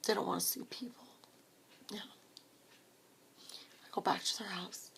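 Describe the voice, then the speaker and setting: A woman telling her own story of supporting grieving people, speaking softly and often dropping to a whisper, tearful at times. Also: mid-range voice, fairly even intonation, measured pace, gravelly. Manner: soft, hushed, often breaking into a whisper. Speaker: grief support volunteer. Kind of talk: personal storytelling.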